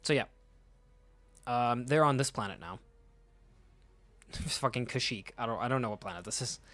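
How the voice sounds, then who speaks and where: A man's voice: medium pitch, animated, a little slow, pushed and bright, no echo. A man chatting loosely as he flips through comic issues. He jokes, swears easily and often stops to correct himself mid-sentence. His tone stays offhand and unscripted. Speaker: comic book reader and commentator. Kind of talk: casual chat while reading comics.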